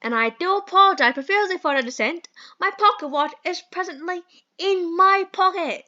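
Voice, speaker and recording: A woman adopts a put-on British accent to voice a fussy, old-fashioned gentleman who hires from a phone box in a dating sim. His speeches are flowery and pompous. Her voice is high and bright at normal speed, captured on a muffled, low-quality mic.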